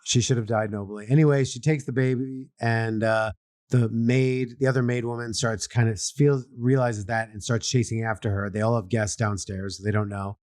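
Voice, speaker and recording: A man co-hosting a casual podcast, walking through a TV episode's plot. He tells it with animation, dropping into quick put-on voices for the characters. His pitch sits in the middle, and the sound is dry and close with no room echo. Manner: animated storyteller, acts out lines in put-on voices. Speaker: podcast co-host. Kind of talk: casual chat recapping a TV episode.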